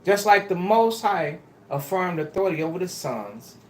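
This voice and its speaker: Emphatic preacher, lively pitch, roomy echo. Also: male voice, normal speed, slight background noise. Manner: emphatic, pleading and exhorting the congregation; casual, street-style phrasing. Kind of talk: sermon.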